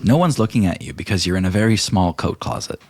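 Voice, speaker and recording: A man narrating as game master in a playful, animated way. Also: low-pitched, fast, husky.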